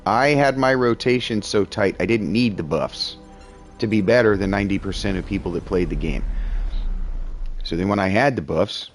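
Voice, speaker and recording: A man in his thirties, chatty and excitable, talking to a game character in-character as he plays and sometimes yelling in bursts. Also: on the low side, normal speed. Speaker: gaming streamer roleplaying his character. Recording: music playing behind.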